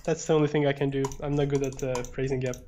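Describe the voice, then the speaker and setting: A man co-hosting a live software Q&A, calmly suggesting steps and relaying questions from chat. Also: mid-range voice, fast talker, a little hiss or hum. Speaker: product specialist and co-host. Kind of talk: live-stream software tutorial Q&A.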